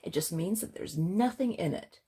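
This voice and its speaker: A woman librarian reading a picture book aloud for children, slow and gentle, pausing to explain words. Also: on the low side, expressive, breathy edge.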